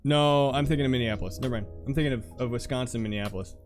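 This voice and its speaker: A man's voice: medium pitch, rapid-fire, a little mellow, soft background music. A man chatting casually with viewers on his live stream, laughing often and trailing off mid-sentence before starting over. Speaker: livestreamer.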